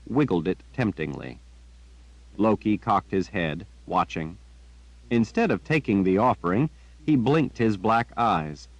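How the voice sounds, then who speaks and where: A man reading a fantasy novel aloud as a narrator, with measured, unhurried storytelling. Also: low-pitched, no room sound, rough recording. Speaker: audiobook narrator. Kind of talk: scripted narration.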